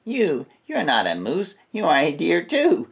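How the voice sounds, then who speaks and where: A man's voice: on the high side, huge pitch swings, a little slow, gravelly, breathy edge, voice pushed up, full character voice. A man voicing a contrary, confident deer.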